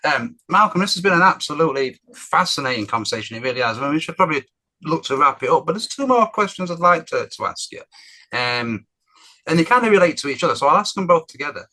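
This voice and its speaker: A man's voice: on the high side, lively intonation, fast, sharp tone. A man hosting an interview podcast, politely encouraging his guest and asking questions. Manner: polite, encouraging with brief backchannels. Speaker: podcast host.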